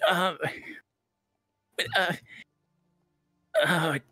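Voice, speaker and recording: A man's voice: high-pitched, fairly even intonation, very slow, sharp tone, dry recording, soft background music, pitched above the performer's own voice, heavily acted. A man voicing an ancient, small male goblin town master who stammers and mutters nervously. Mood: panicked.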